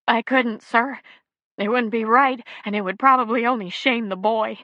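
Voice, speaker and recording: A woman's voice: medium pitch, fairly even intonation, normal speed, no room sound, highs cut off, voice pushed up, natural voice. A woman reading aloud, voicing a grieving backwoods mountain mother who pleads through tears in plain rural speech. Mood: tearful pleading.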